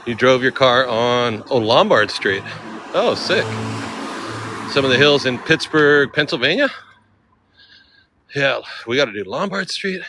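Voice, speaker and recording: Male vlogger, winded on a hilly outdoor walk, easygoing slang, average pitch, soft city noise. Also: expressive, unhurried, pauses often. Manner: laid-back slangy talk, calls viewers dude. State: out of breath. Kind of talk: casual walking livestream chat. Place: outdoors on steep city streets.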